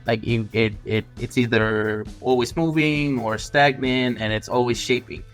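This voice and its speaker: Thoughtful, slow-explaining man co-host. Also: medium pitch, soft background music. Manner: thoughtful, explaining slowly with restarts. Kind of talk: casual podcast chat.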